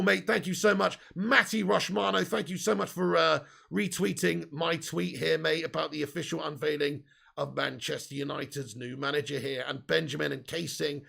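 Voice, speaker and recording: A man with a high, heavily gravelly voice hosts a casual live stream. He talks in a chatty, opinionated way and reads viewer comments aloud. His tone is husky and rough. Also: fairly bright tone. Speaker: football fan channel host.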